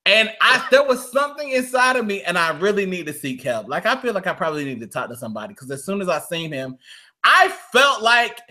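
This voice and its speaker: A man with a high, bright voice tells a profane story on a live talk show. His pitch swings widely as he acts out each quote, loud and animated throughout. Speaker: radio show co-host.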